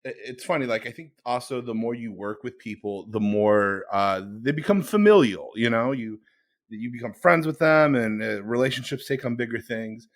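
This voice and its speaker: A man co-hosting a podcast, telling a story in a casual, animated way and laughing along. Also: mid-range voice, moderate pace. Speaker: podcast co-host.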